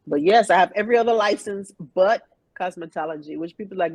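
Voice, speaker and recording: A woman in her fifties, a guest in a casual interview, telling her story in an emphatic, animated way. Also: mid-range voice, a little fast, dry recording, poor audio. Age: 50s. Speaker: interview guest, private pilot.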